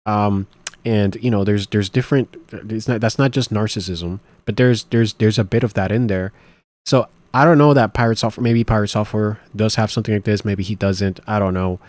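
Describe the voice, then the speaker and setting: A man with a somewhat low voice comments casually on clips, circling his points and restarting sentences as he goes. The sound is dry and close, with little room around it. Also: steady tone, moderate pace, a little mellow, no room sound. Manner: rambling, thinking aloud with many restarts. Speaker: reaction video host.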